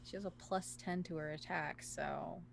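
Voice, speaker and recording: Low-voiced woman running a tabletop game. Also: normal speed, gravelly, a crowd in the background. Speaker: dungeon master.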